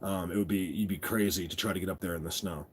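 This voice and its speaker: A man's voice: deep voice, steady tone, fast, slight background noise. A man chatting casually with viewers on a live stream from his phone, groggy from just waking up and rambling as he greets people by name. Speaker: vlogger hosting a live stream. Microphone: phone camera.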